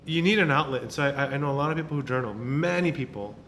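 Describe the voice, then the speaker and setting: A man's voice: mid-range voice, quick pace, fairly bright tone, a little hiss or hum. A male pastor preaching an informal sermon, talking in a casual way with restarts and many tag questions. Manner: conversational, repeats words, many tag questions.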